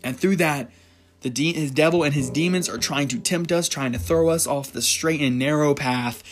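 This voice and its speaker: A man's voice: a little high, normal speed, faint music behind. A man giving an informal devotional talk, reading Bible verses and rambling a little as he laughs at himself. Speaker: Christian encouragement speaker.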